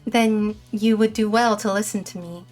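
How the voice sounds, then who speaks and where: A woman voicing a mysterious ghost mentor from a video game, speaking in a calm, measured, instructive way. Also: medium pitch, soft background music, close to an everyday voice. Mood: calm guiding.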